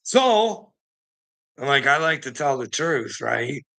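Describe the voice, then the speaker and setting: A man's voice: mid-range voice, unhurried, gravelly, sharp tone, rough recording. A man ranting bluntly and indignantly in a casual monologue, swearing heavily as he talks to his viewers. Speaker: vlogger.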